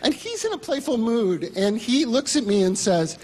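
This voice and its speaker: A man's voice: extremely high pitch, very animated, normal speed, in a large hall, noisy background. A man telling a story on stage to an audience, in a wry, profane, self-mocking way.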